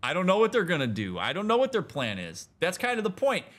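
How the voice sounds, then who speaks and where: A man with a somewhat high voice talks through a video game as a therapist in casual let's-play commentary. He speaks in loose slang with frequent restarts, and his voice often shoots up into loud, excited outbursts. The talk stays animated and informal. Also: fast, few pauses.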